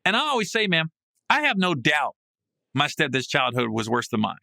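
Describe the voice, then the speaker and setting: With vocal fry and a moderate pace, a podcast host delivers a comedic story in a casual, salty manner, swearing freely. He is animated, often breaking into loud, high laughing bursts, and the podcast mic recording is dry.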